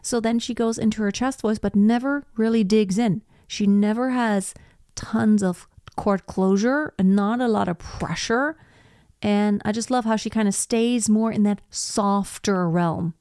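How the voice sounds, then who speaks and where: A woman's voice: medium pitch, fairly even intonation, a little slow, darkish tone, smooth, no echo. Admiring vocal coach woman, dry close sound. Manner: admiring, explanatory. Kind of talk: reaction commentary.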